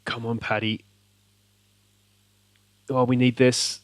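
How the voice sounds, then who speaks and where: Australian male let's-play host, mid-pitch, lively game commentary, cheers at the screen, dry close sound. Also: slow pace, no room sound. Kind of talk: excited gameplay commentary.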